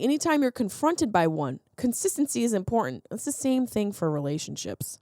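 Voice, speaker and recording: A comedian hosting her podcast, a woman giving an animated, sarcastic monologue that keeps jumping into silly voices. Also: fairly high pitch, a little fast, no echo, clean studio sound. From Sicilian heritage, lives in Los Angeles.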